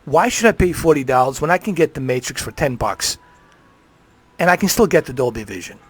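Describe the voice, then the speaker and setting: A man's voice: fairly high pitch, sing-song, fairly quick, husky. A man ranting on a live stream, heated and profane, swearing freely.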